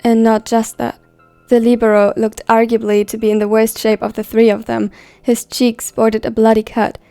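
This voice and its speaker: A woman reads a dramatic story aloud at a steady, even pace of delivery. Her voice sits fairly high yet sounds mellow, with a gravelly fry. The recording is dry, with faint music underneath. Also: moderate pace, no echo. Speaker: fan fiction reader. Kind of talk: scripted story narration.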